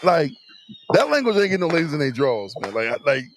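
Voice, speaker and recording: A man co-hosting a podcast in casual chat, rambling with lots of repeated words and sudden loud laughs. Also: on the high side, big pitch swings, fast talker. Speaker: podcast co-host. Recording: noisy podcast recording.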